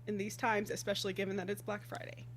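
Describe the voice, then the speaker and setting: Woman, player, earnest, halting, filler-heavy, faint hum behind. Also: mid-range voice, flat delivery. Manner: earnest, hesitant, many ums and uhs. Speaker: player making announcements. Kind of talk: casual stream chat.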